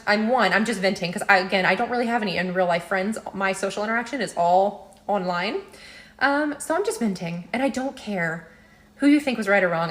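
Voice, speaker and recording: A woman's voice: medium pitch, fairly bright tone. A woman venting in a casual, rambling way about her husband. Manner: frustrated, rambling. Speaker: TikTok poster venting.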